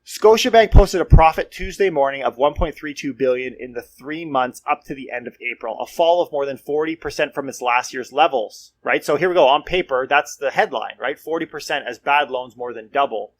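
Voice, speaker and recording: A man's voice: medium pitch, brisk, hardly any pauses. A young man, hosting a casual real estate podcast. He talks straight to his listeners and repeats points for emphasis. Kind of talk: casual market commentary.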